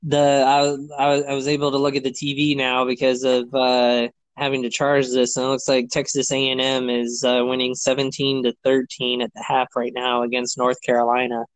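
A man hosting a sports podcast from his computer over a remote call, with an easygoing manner and frequent "uh" pauses. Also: mid-range voice, completely flat delivery, no echo, rough recording. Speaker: podcast host. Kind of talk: casual sports chat.

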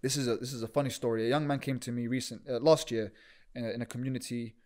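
Man, cleric, storytelling sermon, conversational, repeats words, mid pitch. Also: fast. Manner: conversational, repeats words while searching for them, animated asides. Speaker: Muslim cleric giving a talk.

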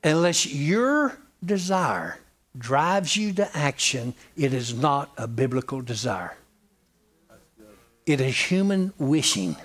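A man's voice: on the high side, big pitch swings, takes it slowly, fairly bright tone. A man preaching a sermon in an emphatic, folksy way, hammering points home by repeating them.

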